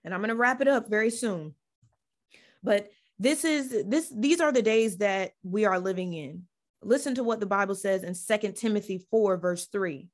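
A woman's voice: medium pitch, moderate pace. A woman hosting a faith podcast, preaching with fervor, repeating phrases and restarting lines as her feeling builds. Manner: fervent, repeats phrases, stumbles over restarts. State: getting emotional. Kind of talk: impassioned Christian teaching.

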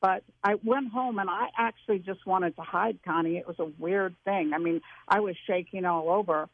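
A woman guest telling a personal story with emotion and expressive storytelling, heard over a phone-like line. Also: on the low side, moderate pace.

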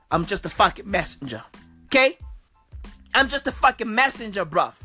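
Swearing and slangy, this South African podcast host keeps ending lines with "bruv" and "okay" in her comic rant. Her medium-pitched voice is sing-song and a little slow, fairly bright with a breathy edge, recorded without echo over faint music.

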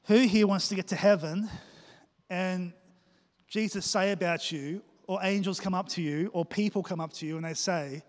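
A male pastor, preaching a lively sermon and joking as he acts out little scenes for the congregation. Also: high-pitched, moderate pace. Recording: reverberant church hall.

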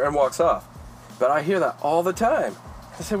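A man's voice: on the high side, moderate pace, faint music behind. A man co-hosting a podcast, telling anecdotes and wrapping up the show in casual chat. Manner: relaxed storyteller, signs off the show. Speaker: podcast co-host.

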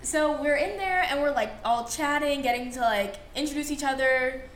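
A young woman tells a story in a rambling way, full of fillers. Her voice is a little high. The room echoes noticeably, with faint noise underneath. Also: moderate pace, a bit bright. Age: young adult. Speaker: podcast co-host. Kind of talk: casual chat.

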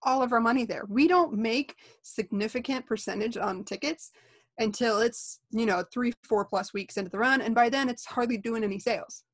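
A woman's voice: a little high, normal speed. A woman who works at a movie theater, talking bluntly in a casual chat. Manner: blunt, exasperated about customers.

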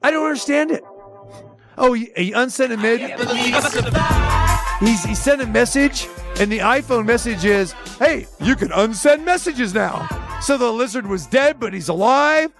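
A man's voice: very high-pitched, animated, moderate pace, long pauses, over music. A man hosting a sports talk segment, ranting in an exasperated, sarcastic way. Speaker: sports radio host.

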